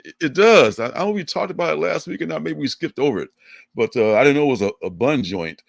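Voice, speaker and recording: An older man co-hosting a livestream, chatting in a rambling, animated way and laughing often. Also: fairly high pitch, fast, vocal fry, no room sound, studio quality. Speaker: livestream co-host. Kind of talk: casual chat.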